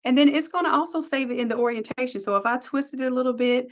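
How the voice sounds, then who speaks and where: A woman teaching a design software tutorial, upbeat, talking through each click step by step. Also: high voice, fast, muffled recording. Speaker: design instructor. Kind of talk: screen-recorded software tutorial.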